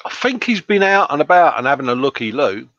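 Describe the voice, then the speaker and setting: Bright, chatty man reading chat. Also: on the high side, very animated, brisk, no echo, dull audio. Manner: chatty, reads viewer comments aloud in a jokey tone. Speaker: livestream co-host reading chat. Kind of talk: casual chat. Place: home workshop.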